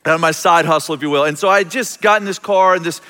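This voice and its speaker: Male pastor, high bright voice, story-driven sermon, big reverberant sanctuary. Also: quick pace. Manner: storytelling, acts out quoted voices, self-interrupting restarts. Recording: long reverb of a large hall.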